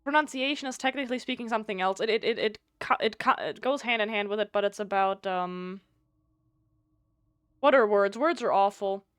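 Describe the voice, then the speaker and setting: A woman whose first language is German, streaming a game live, reading its text aloud and thinking out loud, often stumbling over words and restarting. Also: medium pitch, a little fast, smooth, no echo, studio quality.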